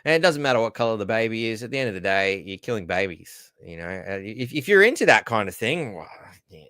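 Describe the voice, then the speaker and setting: An Australian man hosts a solo news commentary, ranting sarcastically and trailing off into asides. His lowish voice is smooth and sounds close and dry. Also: very animated, fast talker, pushed and bright, no echo. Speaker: host.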